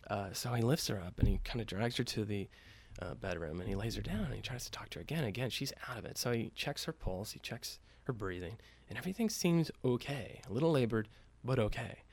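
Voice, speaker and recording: A man's voice: mid-range voice, expressive, fairly quick, hardly any pauses, darkish tone. A man telling a story casually, with loose profane talk and many fillers, acting out the quoted lines lightly.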